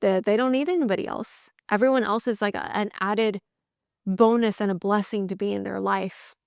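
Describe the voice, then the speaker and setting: A woman's voice: mid-range voice, fairly even intonation, moderate pace, gravelly, darkish tone, clear, resonant tone, dry recording, clean studio sound. A woman host giving a candid, motivational solo talk, emphatic and repeating phrases in bursts. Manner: candid, swears casually. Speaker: sales coach podcast host.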